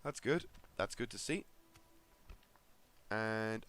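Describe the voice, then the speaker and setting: A man's voice: lowish voice, expressive, moderate pace, fairly bright tone, no echo. A man casually commentating a strategy game, thinking aloud with lots of fillers and restarts. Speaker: gaming video creator.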